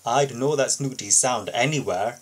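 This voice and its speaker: A man voicing a brisk, kindly workshop boss. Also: medium pitch, slightly rough, lightly acted. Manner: brisk, firm but kind. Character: busy kindly male repair boss engine.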